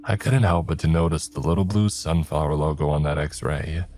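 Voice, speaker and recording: A man narrating a first-person horror story in a measured, low-key way. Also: mellow.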